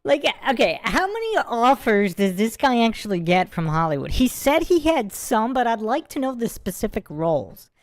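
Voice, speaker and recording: A woman's voice: fairly high pitch, sing-song, normal speed, few pauses, dry recording. A woman hosting a live Q&A stream, commenting in a casual, amused and mocking way. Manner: amused, mocking, laughing asides. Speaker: livestream host.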